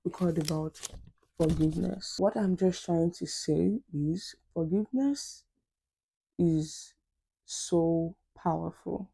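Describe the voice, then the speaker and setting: A young woman talks straight to her camera in an earnest, reflective way, with plenty of fillers. Her voice is very warm and mellow, with a gravelly edge. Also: fairly low pitch, slow pace. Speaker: vlogger. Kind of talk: casual personal talk to camera.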